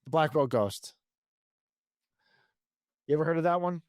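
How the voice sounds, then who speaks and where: A man in his thirties co-hosts a casual podcast in a fairly high voice. He rambles, restarts his sentences and swears freely, with a dry close-mic sound. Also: a little slow, a little mellow, no room sound. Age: 30s. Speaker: podcast co-host. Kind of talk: casual chat.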